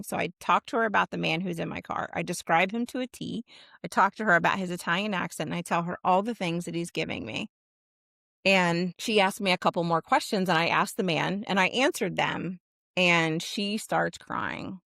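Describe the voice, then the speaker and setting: A middle-aged woman, a spiritual medium, telling a personal story in a lively way and acting out the dialogue. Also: fairly low pitch, normal speed, creaky, no echo, clean studio sound. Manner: animated, acts out quoted dialogue.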